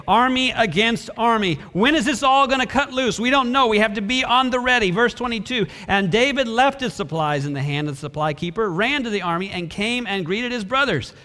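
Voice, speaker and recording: High-voiced, bright preaching man. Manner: expressive preaching, acts out brief voices of biblical characters. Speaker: pastor. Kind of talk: sermon. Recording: reverberant hall.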